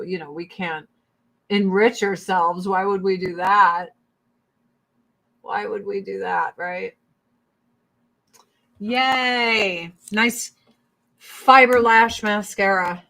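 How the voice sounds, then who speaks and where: A woman's voice: on the high side, a bit bright, poor audio. A woman ranting casually on a livestream, swearing freely, laughing and reading viewer comments. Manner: profane, fiery, laughs often. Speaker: streamer.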